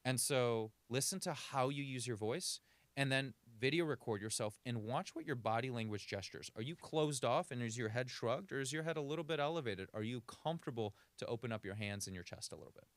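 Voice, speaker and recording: A man coaching on communication explains practical techniques in a podcast interview, speeding up or slowing down to demonstrate. His mid-range voice is expressive and a little fast, recorded without echo.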